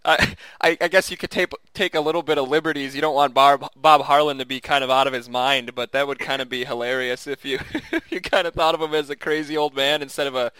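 Man, casual podcast chat, bright crisp voice, chuckles a lot, dry sound. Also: medium pitch, steady tone, fast talker, no echo. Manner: chuckles often, rambling with restarts. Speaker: podcast co-host.

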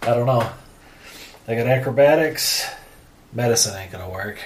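A man's voice: medium pitch, moderate pace, pauses often, reverberant. A man playing a tabletop game, joking and playful. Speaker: player.

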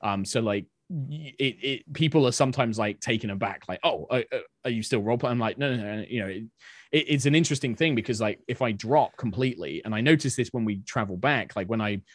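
A man chatting casually as a podcast guest, animated, with many restarts. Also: mid-range voice, fast talker, no echo, clean studio sound. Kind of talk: casual chat.

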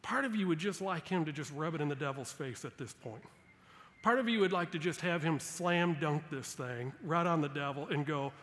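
Male pastor with a high voice, preaching expressively, with scripture quotes acted out; long hall echo. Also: normal speed, fairly bright tone. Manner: preaching with dramatic read-aloud quotes and emphatic rises. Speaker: guest pastor. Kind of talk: sermon.

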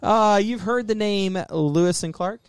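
A man co-hosting a local radio show, talking in a relaxed, chatty way with many fillers and restarts. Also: sits high, measured pace, smooth, dry recording, clean studio sound. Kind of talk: casual local radio chat.

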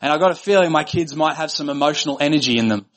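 A male pastor delivering a sermon in an earnest, conversational way, stacking up short repeated phrases as he builds each point. His speaking voice sits a little higher than most men's. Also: racing, a bit bright.

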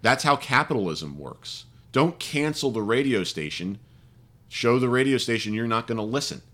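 A man's voice: mid-range voice, expressive, normal speed, sharp tone. A man co-hosting a casual opinion chat, blunt and jokey in how he talks. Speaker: podcast co-host.

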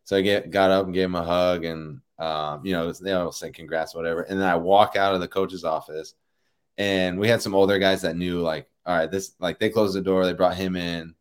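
A man in his thirties with a notably deep, low voice, recounting a memory in casual interview chat. He talks loosely, with plenty of "like" and "you know" as he goes. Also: fairly quick, clean tone. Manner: relaxed, rambling, many fillers like "you know" and "like". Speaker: professional baseball player, guest.

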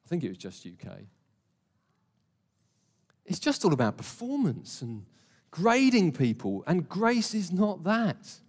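A man's voice: high-pitched, huge pitch swings, unhurried, pauses often. A man preaching a sermon in a church hall, speaking in a conversational, earnest way and putting questions to the congregation. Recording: long hall reverb.

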